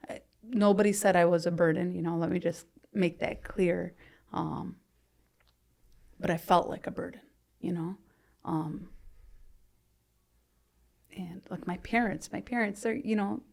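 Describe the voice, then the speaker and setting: Speaking slowly and leaving long pauses, this woman in her thirties has a lowish, gravelly voice. As a podcast guest, she shares personal stories openly and conversationally, peppering them with "you know" and trailing off softly until she's almost whispering.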